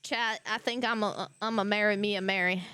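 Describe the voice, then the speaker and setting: A woman's voice: medium pitch, fairly even intonation, fairly quick, bright, forceful tone, clean tone. A woman game streamer chatting casually and giggling with her viewers while she plays. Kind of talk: casual live-stream chat. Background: faint game music.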